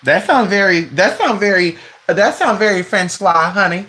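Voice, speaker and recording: Animated home streamer, mid pitch, voice jumps all over, calls everyone honey. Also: normal speed. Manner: talks to their dog between remarks. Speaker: live-stream host. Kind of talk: casual chat with viewers.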